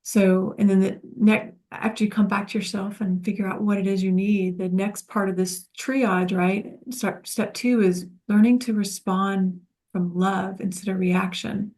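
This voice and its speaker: A woman leading a spiritual self-help class, speaking in a gentle, soothing, reflective way. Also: medium pitch, fairly even intonation, a little slow, few pauses. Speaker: course facilitator.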